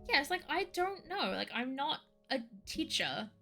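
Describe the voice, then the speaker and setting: A woman's voice: high-pitched, very animated, moderate pace, pushed and bright, soft background music. Ranting young-sounding woman streamer. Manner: rambling, ranty, heavy use of "like". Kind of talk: casual chat. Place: home streaming setup.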